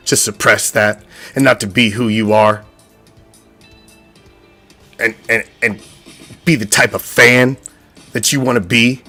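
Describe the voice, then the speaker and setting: A man's voice: medium pitch, fairly even intonation, slow pace, pauses often, bright, forceful tone, faint music behind. A man hosting a fan show, ranting in a heated, profane, repetitive way. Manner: profane, heated, repeats himself. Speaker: podcast host, sports fan. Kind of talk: unscripted fan rant.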